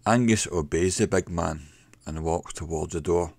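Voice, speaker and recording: A man narrating a mystery story in a slow, measured way. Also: a bass voice, steady tone, a little mellow, no echo, clean studio sound.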